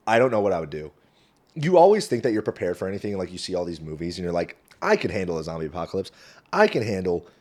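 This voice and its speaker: A young man vlogging alone at home into a phone camera, rambling and cursing, dropping to low mutters and then bursting out loud. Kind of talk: casual rambling monologue. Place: small home room.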